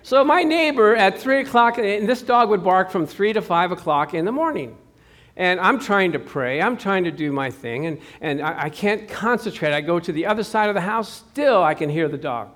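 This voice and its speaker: A male pastor preaching a sermon with a notably high voice. He tells personal stories in a chatty, easygoing way and keeps calling out to the congregation for responses. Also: expressive, moderate pace, a bit bright. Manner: chatty storytelling with crowd call-outs.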